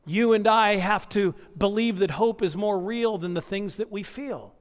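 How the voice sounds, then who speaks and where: A man's voice: sits high, unhurried. A man preaching a sermon as pastor, building points through repetition and personal stories. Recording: long hall reverb.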